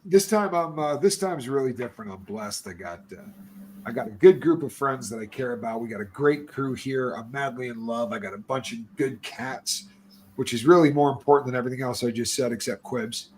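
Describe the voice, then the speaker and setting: A man's voice: medium pitch, a little fast, a little hiss or hum. A middle-aged man telling prison stories in a casual chat, acting out other people's lines as he goes. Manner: animated storyteller, acts out other people's lines. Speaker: podcast guest.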